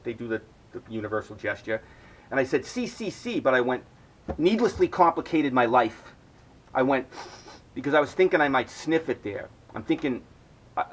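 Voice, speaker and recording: A man's voice: mid-range voice, fairly bright tone, low-quality recording. A middle-aged man hosting his own podcast, telling a long, rambling story full of swearing. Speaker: podcast host. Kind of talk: storytelling monologue.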